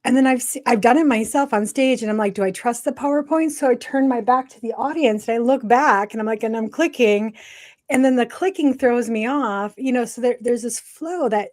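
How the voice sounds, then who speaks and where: A middle-aged woman co-hosting a casual podcast, talking in an animated, chatty way and laughing often. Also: on the high side, moderate pace. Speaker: podcast co-host.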